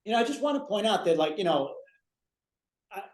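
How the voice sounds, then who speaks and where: A man in his forties chats casually, rambling with lots of fillers as he retells scenes. His voice sits fairly high. The room sounds roomy and echoing. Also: very animated, fairly quick, darkish tone. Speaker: co-host. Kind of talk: casual chat. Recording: roomy echo.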